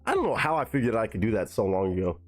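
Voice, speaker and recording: A man's voice: fairly low pitch, wildly swooping pitch, rapid-fire, a little mellow, faint music behind. A young man chatting casually on a live stream, loose and profane, musing aloud as he goes.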